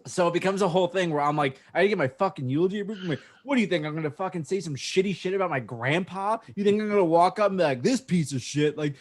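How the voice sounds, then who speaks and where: A man's voice: high-pitched, quick pace, hardly any pauses. A man co-hosting a casual podcast, telling a story in a heated, profane way. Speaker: podcast co-host.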